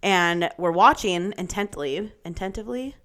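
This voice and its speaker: A woman's voice: fairly low pitch, normal speed, a bit bright. A woman in her thirties co-hosting a podcast, telling stories casually and acting out what other people said, with plenty of swearing. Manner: profane storyteller who acts out quotes. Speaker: podcast co-host. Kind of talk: casual chat.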